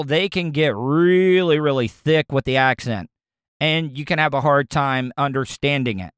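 Southern-accented man, higher voice. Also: pushed and bright, clean tone, dry recording, studio quality. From American South. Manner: rambling, conversational, repeats words. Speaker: podcast host. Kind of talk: casual solo podcast talk.

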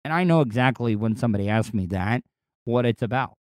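Man, solo podcast host, unusual non-deep voice, warm dark tone, rambling and blunt, dry close sound. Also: fairly even intonation, fairly quick, no room sound. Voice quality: distinctive voice that is not deep. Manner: rambling, crude and candid, with frequent restarts and swearing. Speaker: podcast host and radio personality. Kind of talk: casual solo podcast monologue.

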